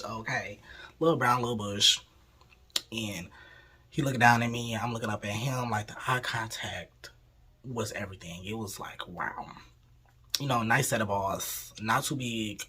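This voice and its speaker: A man's voice: medium pitch, fairly quick, pushed and bright, breathy edge. A young man telling a casual, candid storytime with lots of profanity, acting out the people in his story as he goes. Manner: acts out voices in the story. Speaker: vlogger.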